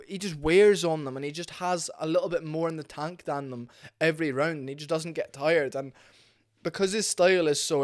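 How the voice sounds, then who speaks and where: A man ranting bluntly in a casual, sweary vlog about fighting. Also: on the high side. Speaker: MMA commentary vlogger. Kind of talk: opinionated casual rant.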